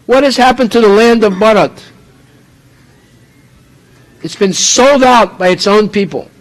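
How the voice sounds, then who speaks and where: A man's voice: high-pitched, a little slow, rough recording. A man from the United States preaching a sermon, emphatic and full of rhetorical questions.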